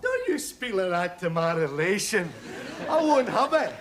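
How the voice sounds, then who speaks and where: Brief: a boisterous Glasgow fan, brash and pushy, high-pitched voice. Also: male voice, big pitch swings, unhurried, crowd noise. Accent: Glaswegian Scottish. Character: boisterous, tipsy Scottish football fan. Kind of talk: 1970s studio sitcom acting.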